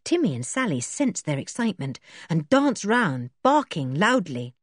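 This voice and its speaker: Woman narrating a storybook, husky, animated, dry close sound. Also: on the low side, moderate pace, no echo. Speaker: audiobook reader.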